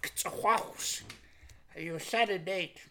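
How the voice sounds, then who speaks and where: This is a teacher working through a vocabulary lesson at an extremely slow, deliberate pace. The voice has a bright edge. Each word is said, repeated and then explained with several English synonyms, in a patient, plain manner. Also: medium pitch, a little hiss or hum. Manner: plain, patient explaining with soft asides and small laughs. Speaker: language teacher.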